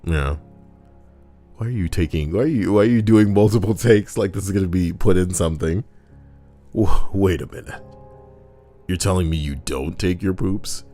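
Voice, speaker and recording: Deep-voiced sarcastic man riffing crudely. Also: unhurried, darkish tone, soft background music. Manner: sarcastic and crude, rambling asides. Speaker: YouTuber reading Reddit posts. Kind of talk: casual comedic commentary.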